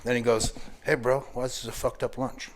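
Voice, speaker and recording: An American man in his forties telling profane, animated stories in casual chat and laughing through the punchlines, as a guest firearms instructor. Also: mid-range voice, a little fast, a little hiss or hum.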